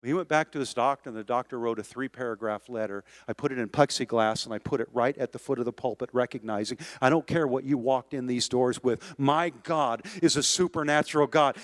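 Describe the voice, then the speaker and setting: A man preaching a sermon as pastor, moving from quiet storytelling to loud, rising exhortation. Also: mid-range voice, brisk, few pauses, no echo. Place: church sanctuary.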